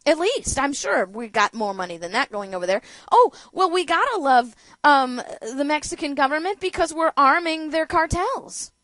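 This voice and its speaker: A woman's voice: sits high, sing-song, normal speed, few pauses, a bit bright, no room sound. A woman hosting a political talk show, giving opinionated commentary with sarcasm, rhetorical questions and emphatic outbursts. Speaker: radio talk show host.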